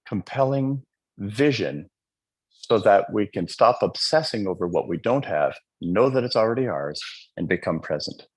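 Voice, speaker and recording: Speaking live with fervor, this motivational speaker often poses questions to the audience and acts out quotes in altered voices. He has a lowish, animated voice with a breathy edge at normal speed.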